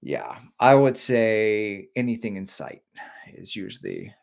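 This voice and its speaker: A man's voice: fairly low pitch, big pitch swings, a little slow, vocal fry. A middle-aged man hosting a casual live stream, joking and rambling while he reads viewer comments aloud.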